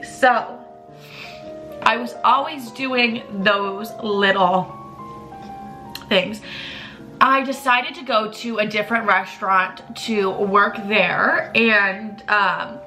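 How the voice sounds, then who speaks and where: A woman's voice: medium pitch, sharp tone. A woman in her twenties telling a candid, emotional, profanity-laced storytime as a vlogger. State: tearful at times.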